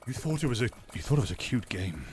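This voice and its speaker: A man's voice: mid-range voice, sing-song, quick pace, a little mellow, faint music behind. A man streaming a game, rambling and joking, swearing a lot and mumbling asides. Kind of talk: casual gameplay commentary.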